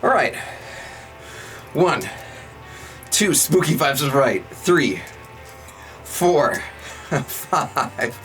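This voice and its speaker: A man's voice: a little high, expressive, drawn-out words, long pauses, fairly bright tone, faint music behind, low-quality recording. A young man streaming live, chatting playfully with viewers and counting out workout reps. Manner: playful, joking with chat, counting out exercise reps. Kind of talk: casual live-stream chat.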